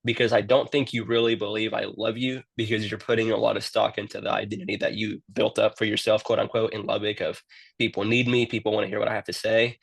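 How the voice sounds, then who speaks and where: Youth minister guest, earnest storyteller, gravelly mid voice. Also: male voice, on the low side, level tone, fast talker, no room sound. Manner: earnest, repeats words when starting sentences. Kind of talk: casual storytelling interview.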